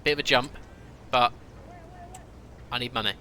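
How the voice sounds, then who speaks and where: A young man with a pushed, bright mid-range voice talks at normal speed while streaming a football management game. He chats to viewers, thinks aloud, rants and exclaims as things happen, with a faint hiss or hum in the audio.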